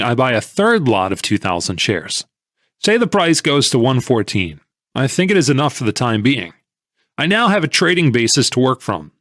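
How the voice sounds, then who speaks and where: A man narrates an audiobook in first person, measured and conversational. His pitch moves in lively swings around a middle voice. The recording is dry and close. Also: no room sound.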